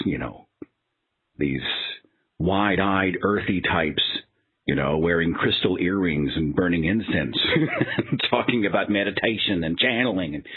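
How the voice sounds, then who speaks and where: Male podcast host, low and lively, a casual storyteller with an exasperated edge, heard through phone-like audio. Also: slightly rough. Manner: animated, exasperated anecdotal storytelling.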